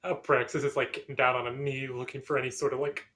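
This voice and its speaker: A man's voice: mid-range voice, level tone, quick pace, fairly bright tone, poor audio. A man playing a tabletop game, talking hesitantly with lots of fillers. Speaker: player. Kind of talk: casual tabletop role-play chat.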